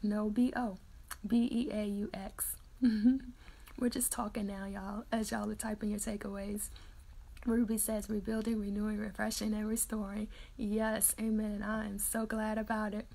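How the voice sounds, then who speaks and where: A woman's voice: medium pitch, flat delivery, measured pace, gravelly, warm tone. A woman hosting a morning Bible-reading livestream, chatting casually and reading out viewer comments, laughing often. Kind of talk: casual chat with live viewers.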